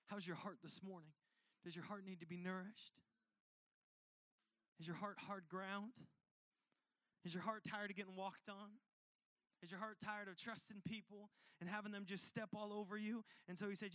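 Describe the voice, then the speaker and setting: A man's voice: high-pitched, little pitch movement, moderate pace, long pauses, a bit bright, no room sound. A man preaching a sermon as pastor, earnest and repetitive, acting out quoted voices.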